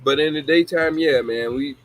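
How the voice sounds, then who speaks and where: A man's voice: on the high side, moderate pace, fairly bright tone, soft background music, low-quality recording. Laughing forty-something man host. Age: 40s. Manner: laughing often, apologetic, addressing children as babies. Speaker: show host. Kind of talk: casual livestream talk.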